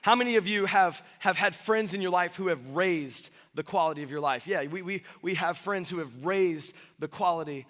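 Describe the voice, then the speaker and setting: A man in his thirties preaching a sermon as pastor, energetic and joking with the congregation in a church sanctuary. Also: high voice, moderate pace, few pauses. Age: 30s. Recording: long church hall reverb.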